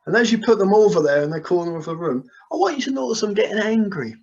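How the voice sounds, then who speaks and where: A man guides a hypnosis session, repeating gentle suggestions in a soothing rhythm. His voice sits a little high. The audio is dull and lo-fi, as if from a video call. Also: big pitch swings, fast talker. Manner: soothing, repetitive trance suggestions.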